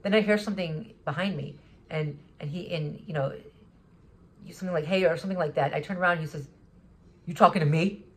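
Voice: medium pitch, fairly quick. A vlogger talking in an agitated, rambling monologue, often restarting sentences and swearing. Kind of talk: monologue recounting an encounter.

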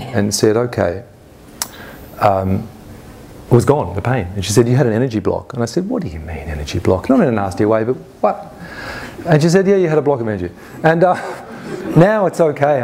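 A man giving a conference talk, telling a personal story in an animated, humorous way and chuckling often. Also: mid-range voice, a little hiss or hum. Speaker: conference speaker. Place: conference stage.

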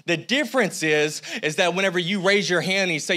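A man's voice: sits high, a little fast, hardly any pauses, sharp tone. A man preaching a sermon as a church pastor, conversational with humorous asides. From United States. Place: church sanctuary.

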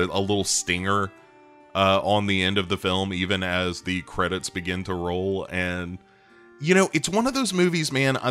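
A man's voice: on the low side, sharp tone. A man hosting a podcast, reviewing a film in a rambling, profane, enthusiastic way with lots of ums and uhs. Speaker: podcast host. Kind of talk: casual movie review monologue.

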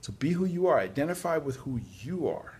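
A man's voice: a little high, animated, fairly quick, a little mellow, breathy edge. A tired man giving casual, chatty job-search advice, yawning at times and adding apologetic asides. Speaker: podcast host on job search. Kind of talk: casual spoken advice talk.

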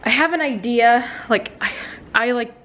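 At home indoors, a woman vlogs casually into a handheld camera, chatting with lots of fillers and talking fondly to her dog. Her voice is fairly high and a little bright, at a normal speed.

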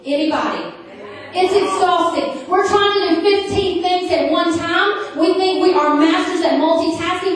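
A middle-aged woman preaching a revival sermon, telling funny stories and calling for amens from the congregation. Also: extremely high pitch. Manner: humorous, emphatic, asks the crowd for amens. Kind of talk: storytelling sermon with call and response. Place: large church sanctuary. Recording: very echoey hall, distant mic.

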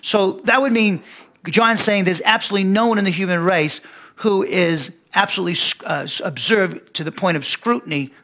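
Bright-voiced male pastor teaching scripture. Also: high-pitched. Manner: measured, with frequent fillers and restarts while explaining Greek words. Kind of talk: verse-by-verse Bible teaching.

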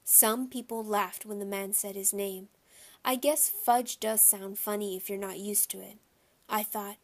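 A woman reading a children's chapter book aloud at a middling pitch. She tells the story in a clear, lively way. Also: unhurried. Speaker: audiobook reader.

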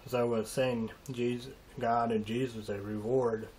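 A man's voice: medium pitch, little pitch movement, a little mellow. Rambling man vlogging with faint hiss. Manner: rambling, halting, emotional asides, swearing. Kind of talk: rambling casual monologue.

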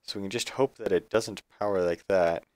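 A man's voice: low voice, a little fast, a little mellow, dry recording. A man streaming a building game live, thinking aloud in a chatty, self-correcting way. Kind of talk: live gameplay commentary.

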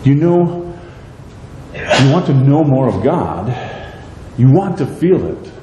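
Animated male pastor in an echoey hall. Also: medium pitch, slow pace, highs cut off. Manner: animated, acts out prayers and quotes in a raised voice. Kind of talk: sermon. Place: church sanctuary. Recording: echoey church hall, faint noise.

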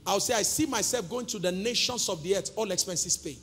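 A man with a Nigerian accent preaching a sermon as pastor, calling out to the congregation and breaking into sung and shouted phrases. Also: high-pitched, brisk, vocal fry, slight background noise. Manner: call-and-response preaching, sings and shouts phrases. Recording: reverberant church hall with music.

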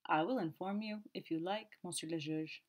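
A woman voicing a calm, imperturbable male detective. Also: high voice, moderate pace, pitched above the performer's own voice.

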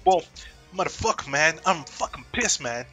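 A man's voice: fairly high pitch, animated, normal speed, sharp tone, faint music behind. A man voicing an angry male gamer who swears and complains. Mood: pissed off. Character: pissed-off male gamer whining about multiplayer.

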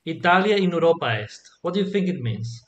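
A man's voice: high-pitched, lively intonation, fast talker, fairly bright tone, lo-fi sound. A man teaching Latin to a small group, patiently asking questions and checking that they follow. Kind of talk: online group lesson.

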